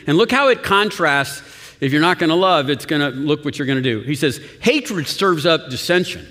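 A man's voice: fairly high pitch, fairly bright tone. A man preaching a sermon as pastor, talking in a conversational way with chuckles and restarts. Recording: long reverb of a church hall.

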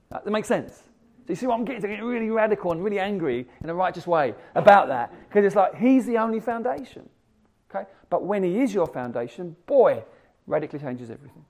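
Lively, gravelly-voiced man preaching. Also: high voice, fast. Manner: animated, swings from loud emphasis to hushed asides. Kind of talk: sermon.

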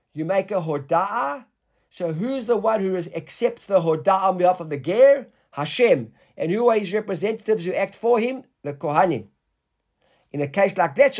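A man with a high, darkish voice teaches a Talmud class to students in the room. He reads the Aramaic slowly, explains it in English, and often checks in with questions.

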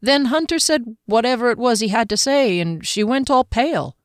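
A woman's voice: on the high side, lively intonation, moderate pace, no echo, clean studio sound, voice pushed up, natural voice. A woman voicing a blunt, casual-talking male soldier with slangy, wry speech.

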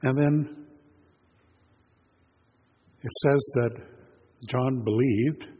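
A man's voice: mid-range voice, fairly even intonation, drawn-out words, dark tone. A male pastor preaching a sermon, retelling a scripture story in a plain, conversational storytelling way. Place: church sanctuary. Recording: long church reverb, faint noise.

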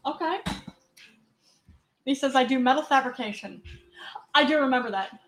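Giggly high-voiced woman co-host. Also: moderate pace, background noise. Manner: giggly, reads comments aloud. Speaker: co-host reading viewer comments. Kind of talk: casual chat. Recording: echoey room with faint background sound.

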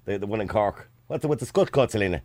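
A man hosts a radio phone-in, chatting in a lively voice that moves freely up and down in pitch. His voice sits at a medium height and comes through dry and close, with no room sound. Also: fast, no room sound. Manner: chatty, animated and laughing readily. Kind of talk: casual talk radio chat. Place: radio studio.

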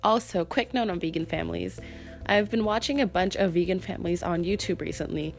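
A young woman talks through her own podcast in a chatty, earnest scripted monologue. Her voice sits low for a woman and sounds nasal and congested from a cold. Soft music plays faintly underneath. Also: brisk. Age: young adult. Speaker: podcast host.

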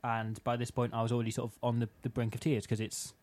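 A man's voice: medium pitch, flat delivery, fast talker, darkish tone. Man telling a rambling story. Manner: rambling anecdotes with self-mocking asides. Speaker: podcast co-host. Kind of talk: casual chat, storytelling.

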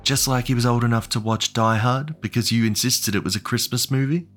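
A man's voice: medium pitch, steady tone, fairly quick, faint music behind, voice pushed up, lightly acted. A man voicing an upset, protective mother who scolds her husband sharply, in a horror audio drama. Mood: scolding. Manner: sharp, reproachful.

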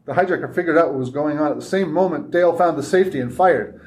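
A man reads his own fiction aloud in a steady, measured way at a convention reading. His voice sits slightly high for a man.

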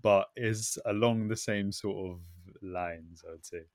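A man's voice: lowish voice, fairly even intonation, unhurried, a little mellow, dry recording, studio quality. A man with a London accent, co-hosting a podcast in a laid-back casual chat, dropping bits of London slang. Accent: London English. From United Kingdom. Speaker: podcast co-host.

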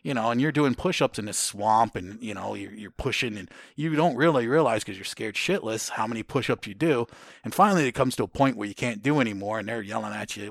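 A middle-aged man telling stories about his Army days in a casual interview, cursing freely and shouting out the drill sergeants' orders. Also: medium pitch, fast talker, dry recording, studio quality. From Ohio, United States. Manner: profane, animated storytelling, shouts out drill sergeant lines.

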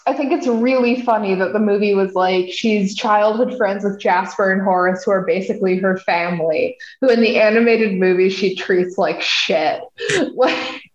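A woman's voice: medium pitch, roomy sound, highs cut off. A woman co-hosting a casual chat, laughing often and making sarcastic asides. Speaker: podcast co-host.

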